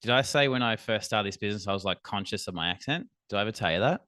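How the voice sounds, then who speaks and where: A man with an Australian accent, a business coach who talks casually and a little haltingly as a podcast guest. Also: fairly low pitch, no echo, studio quality. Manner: relaxed, laughing easily, halting.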